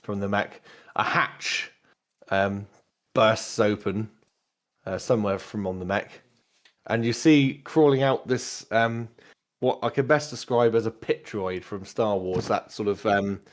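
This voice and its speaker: A man narrating a tabletop game as game master, in a relaxed, rambling way. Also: on the low side, a little slow.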